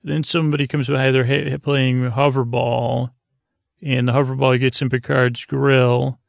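A man's voice: mid-range voice, level tone, measured pace, gravelly, no room sound. A man hosting a podcast, giving a meandering, hesitant episode recap full of fillers, meant to lull listeners to sleep. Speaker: podcast host.

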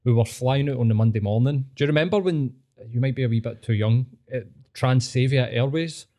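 A man's voice: mid-range voice, a little fast, mellow. A man with a Scottish accent, hosting a podcast and telling rambling, sweary stories in casual chat. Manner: sweary, rambling storyteller who laughs often. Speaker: podcast host.

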